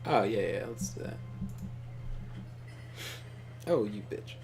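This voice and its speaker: A young adult co-host on a gaming channel speaks in a lowish, creaky voice at a brisk pace, with noisy background. He's an animated, profane storyteller who laughs a lot while offering casual gameplay commentary and stories.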